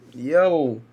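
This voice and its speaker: Animated streamer, lively voice. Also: male voice, fairly high pitch, breathy edge. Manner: animated, exclaiming and laughing while reacting. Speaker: livestreamer reading comics. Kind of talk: casual live-stream commentary.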